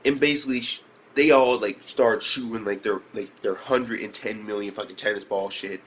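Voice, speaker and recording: Excitable, foul-mouthed young man. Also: moderate pace, slight background noise. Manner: profane, slangy, excitable, with sudden jumps in pitch when reacting. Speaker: anime reviewer. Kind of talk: casual spoken review.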